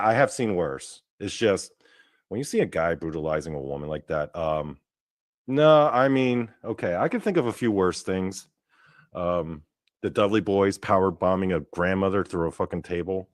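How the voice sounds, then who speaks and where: A man hosting a show, giving casual, profane, excitable commentary as he watches a clip. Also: deep voice, moderate pace, dry recording. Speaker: podcast host.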